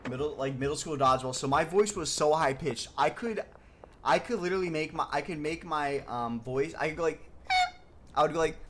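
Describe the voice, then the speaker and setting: A man's voice: fairly high pitch, background noise. Young man rambling through stories on stream. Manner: rambling, filler-heavy, uses "like" constantly. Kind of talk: casual live-stream storytelling.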